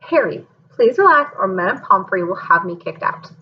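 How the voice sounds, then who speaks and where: A woman reading aloud, voicing a calm, kindly old male headmaster with a gentle, wry, measured manner. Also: medium pitch, muffled recording, natural voice.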